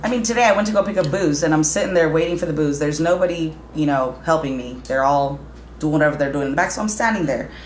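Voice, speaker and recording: A woman co-hosting a podcast, telling a story in a blunt, casual way and swearing. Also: deep voice. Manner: blunt, swears, talks fast. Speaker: podcast co-host. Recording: roomy with faint noise.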